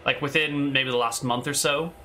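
A man's voice: medium pitch, fairly even intonation, moderate pace, sharp tone, a little hiss or hum. A man narrating a tabletop game as game master, describing scenes while thinking aloud.

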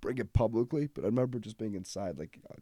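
Young male comedy podcaster, low warm voice, loose rambling delivery. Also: expressive, fast talker, no echo, studio quality. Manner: rambling, self-interrupting, swears casually. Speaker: podcast host. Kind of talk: casual rambling comedy monologue.

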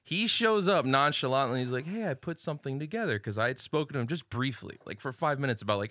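A man hosts a casual podcast, telling joking stories and acting out the people in them. His voice is bright, and his pitch swings widely. The recording is dry and close. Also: fast, few pauses, no echo. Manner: joking, animated storyteller who acts out others. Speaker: podcast host.

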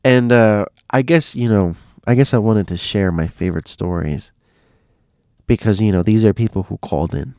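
A man's voice: fairly low pitch, moderate pace, darkish tone, clear, resonant tone, no room sound, studio quality. A man telling stories in a loose, casual way, often repeating himself and restarting phrases. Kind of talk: casual spoken storytelling.

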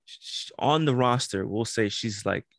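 A man telling a story in casual podcast chat, animated and laughing, acting out the quotes. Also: medium pitch, normal speed, gravelly, no room sound, studio quality.

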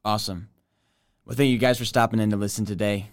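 A man's voice: lowish voice, steady tone, fast talker. A young man hosting a podcast, wrapping up a casual chat with enthusiastic, friendly thanks. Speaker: podcast host.

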